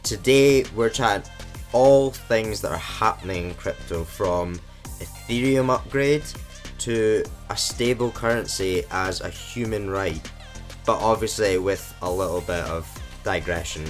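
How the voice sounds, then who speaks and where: A man with a very low voice co-hosting a podcast, laid-back and slow in his delivery. Faint music plays behind him. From Scotland. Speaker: podcast co-host. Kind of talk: casual podcast chat.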